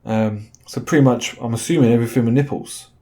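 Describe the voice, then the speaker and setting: A man hosts his own video in a loose, chatty monologue. He wanders off on tangents and keeps asking "right?" Despite the fillers his voice sounds mellow. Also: mid-range voice, fairly quick. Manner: chatty, tag questions like "right?", many fillers. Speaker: video host. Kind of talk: rambling casual monologue.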